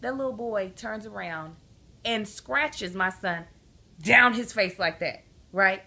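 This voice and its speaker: Indignant mother with a bright voice. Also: medium pitch, slow pace, gravelly. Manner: animated, emphatic, acts out quoted voices; indignant, exasperated. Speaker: parenting vlogger. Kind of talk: casual storytelling rant to camera.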